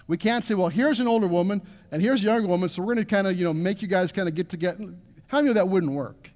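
A man's voice: high-pitched, rapid-fire, darkish tone. Middle-aged guy preaching a sermon, earnest, keeps checking in with the crowd, echoey church. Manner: earnest, repeats phrases, asks the crowd to answer. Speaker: pastor. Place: church sanctuary.

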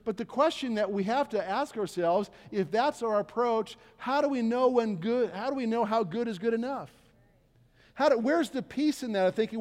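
A man's voice: sits high, normal speed, a little mellow, long reverb tail. An older man preaching a conversational sermon as pastor in a church, often acting out the people he quotes. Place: church sanctuary.

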